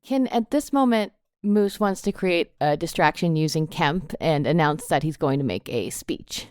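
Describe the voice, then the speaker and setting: Expressive woman player, dry sound. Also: low voice, normal speed, clear, resonant tone, dry recording. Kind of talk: tabletop game play.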